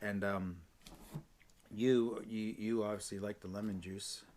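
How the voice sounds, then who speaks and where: A man's voice: fairly low pitch, flat delivery, a little slow, darkish tone, slight background noise. A middle-aged man, a dad hosting a casual family challenge vlog, chatty and exclamatory, often repeating himself.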